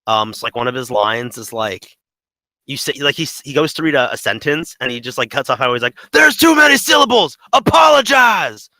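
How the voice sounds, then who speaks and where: A man's voice: mid-range voice, steady tone, fairly quick, sharp tone, dry recording, rough recording. Rambling man chatting about games. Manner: rambling, full of "like" and "um". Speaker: podcast co-host. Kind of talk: casual gaming podcast chat.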